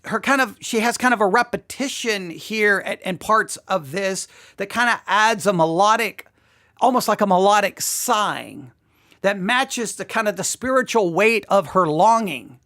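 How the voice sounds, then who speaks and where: A woman hosting a podcast, talking through song lyrics in an animated way and slipping into voices to act them out. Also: medium pitch, moderate pace. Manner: animated, slips into acting out the voices. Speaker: podcast host.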